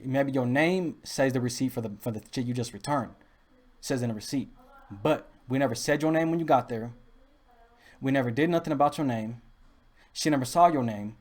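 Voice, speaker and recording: Fast-talking young man rambling a story. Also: medium pitch, a little mellow. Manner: rambling, repetitive restarts, heavy street slang. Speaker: vlogger. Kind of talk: casual storytelling monologue.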